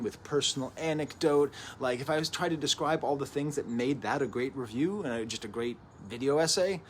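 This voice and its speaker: A mid-pitched man in his thirties talks through an album review in a loose, digressive way, doubling back and tacking on asides. He's recording at home early in the day. A faint hiss sits underneath his voice. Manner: chatty and digressive, with frequent restarts and asides. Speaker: host of a music review show. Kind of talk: casual spoken record review.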